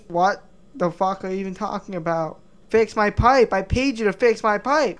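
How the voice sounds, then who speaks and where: Man, reaction vlogger, ranting, crude, stammering restarts, smooth resonant voice. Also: high-pitched, moderate pace. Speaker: commentary vlogger.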